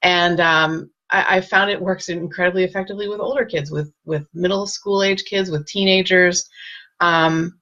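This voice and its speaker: A woman hosting a casual live-stream with parenting advice, speaking gently and reassuringly and greeting viewers by name. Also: lowish voice, steady tone, moderate pace, dull audio.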